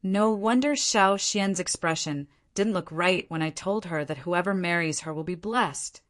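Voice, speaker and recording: A woman's voice: lowish voice, a little slow, natural voice. A woman reading the inner thoughts of a brooding young male hero in a storybook, uneasy and reflective. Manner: inward, uneasy musing.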